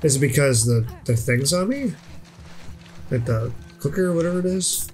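An excitable man talking his way through a game, his voice swinging up and down as he reacts. He curses when frustrated, then apologizes straight away. Faint game music plays underneath. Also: on the high side, normal speed. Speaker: let's play gamer. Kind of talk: casual gameplay chat.

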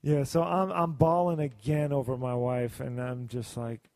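A man hosting a podcast, telling rambling, excitable stories and swearing freely in casual chat. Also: mid-range voice, normal speed, no echo. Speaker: podcast host. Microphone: video call setup.

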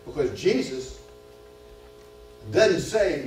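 A man preaching a sermon at a men's retreat, impassioned and repetitive, building in pitch and force as he goes. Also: big pitch swings, slow, long pauses, a little mellow, faint music behind. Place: church hall or retreat room. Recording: echoey hall, far from the mic.

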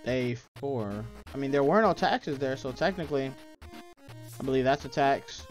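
Young male gaming YouTuber, jumpy let's-play commentary, mutters and repeats himself, faint music under the voice. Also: normal speed. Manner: jumpy, mutters repeated phrases, swings from low murmurs to startled outbursts.

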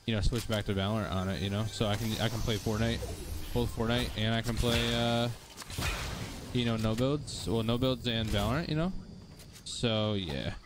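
A man's voice: mid-range voice, noisy background. Young male gaming streamer, laid-back and rambling, game audio audible underneath. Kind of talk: casual live-stream chat while playing.

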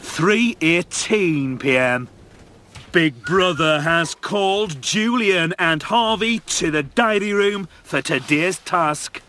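A man reading scripted narration in a measured, matter-of-fact way. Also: fairly high pitch, expressive, bright, forceful tone, a little hiss or hum.

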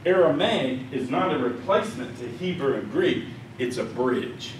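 A man giving a conference lecture. He tells animated stories and acts out quoted voices. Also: mid-range voice, moderate pace, distant mic, slight background noise. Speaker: conference speaker. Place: conference hall. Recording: echoey hall, speaker off mic.

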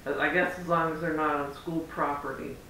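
A man's voice: level tone, normal speed, sharp tone. A man vlogging as a parent, telling a story in a chatty, rambling way and acting out the back-and-forth of conversations. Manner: chatty, rambling, acts out quoted exchanges. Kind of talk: casual vlog storytelling. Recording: roomy echo, far from mic, faint rumble.

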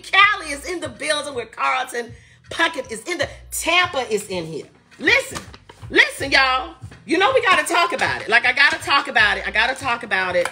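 A woman hosts a live podcast, loud and playful, saying she is tired as she greets viewers by where they are watching from. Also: high-pitched. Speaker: podcast host. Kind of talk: casual live-stream chat.

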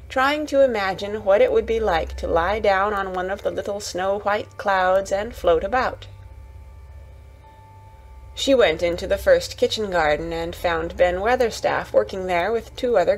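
A woman narrating a children's bedtime story in a calm, gentle reading voice. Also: mid-range voice, low-quality recording.

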